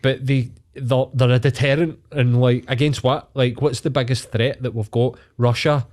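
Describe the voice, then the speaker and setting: A man's voice: medium pitch, steady tone, moderate pace, darkish tone. Scottish man, podcast co-host, heated rant, heavy swearing. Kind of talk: casual chat.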